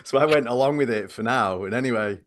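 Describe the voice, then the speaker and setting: Speaking fast in a mid-range voice, a male podcast co-host rambles through a story, full of fillers and laughing while he tells it.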